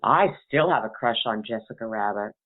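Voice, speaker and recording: A woman's voice: a bass voice, expressive, fairly quick, a little hiss or hum. A middle-aged woman hosting a radio talk show, chatting and telling stories in a rambling way and laughing often. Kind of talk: casual chat and storytelling. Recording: tinny phone-like line.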